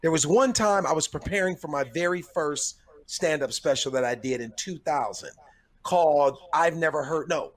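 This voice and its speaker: A middle-aged comedian, a guest on a podcast, who tells stories in a measured way, often restarting as he gathers his thoughts. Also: on the high side. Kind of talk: conversational storytelling.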